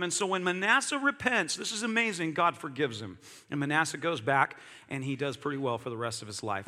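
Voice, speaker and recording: A man preaching a lively, conversational sermon, often poking fun at himself and asking his listeners questions. His voice sits high and sounds bright and forceful. It rings with a long reverb, like a large hall. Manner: animated, self-deprecating, talks directly to the audience.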